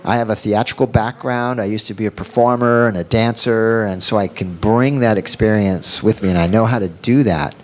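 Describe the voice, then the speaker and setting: A man presenting at a workshop who tells a story and acts out its lines in an animated way. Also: lowish voice, normal speed, few pauses. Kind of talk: storytelling in a training talk.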